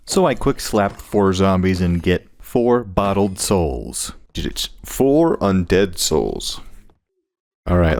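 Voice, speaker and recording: Low-voiced man with lively gaming banter. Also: gravelly, no echo. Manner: animated, jokey, yelps at mishaps. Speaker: gaming creator. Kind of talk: casual gameplay commentary.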